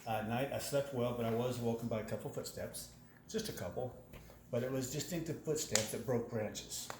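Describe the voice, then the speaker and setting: A man's voice: medium pitch, normal speed, echoey room, background noise. A man gives a brief, matter-of-fact personal testimonial at a campsite. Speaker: camp attendee giving testimony.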